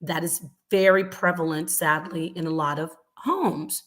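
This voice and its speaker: A middle-aged woman, a mother, hosting a live stream and answering chat comments with animated, repetitive explanations. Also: deep voice, measured pace. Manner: animated, acts out quoted voices, repeats points.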